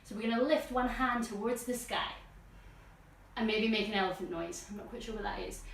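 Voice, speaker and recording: A woman's voice: medium pitch, fairly quick, distant mic, very noisy. A woman leading a guided children's yoga lesson at home, playful and encouraging, with silly animal noises. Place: room at home with plants. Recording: echoey room, voice off-mic.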